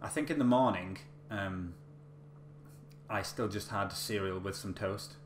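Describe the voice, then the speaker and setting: Rambling male vlogger, low voice, roomy echo, casual storytelling. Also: measured pace. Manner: chatty, rambling with many fillers and restarts. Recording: echoey room with faint hum.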